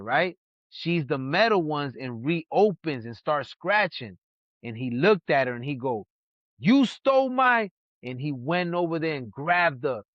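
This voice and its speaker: A man from New York hosting a podcast, telling stories in a casual, animated way and acting out what other people said. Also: fairly high pitch, no room sound. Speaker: podcast host. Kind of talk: casual storytelling chat. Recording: dull lo-fi sound.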